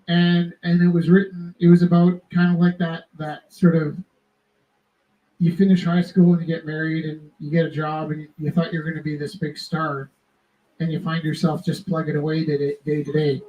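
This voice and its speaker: A man hosting a live art auction, telling rambling personal stories to the audience in an animated, self-interrupting way. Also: a little high, normal speed, highs cut off. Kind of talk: casual storytelling to a live audience.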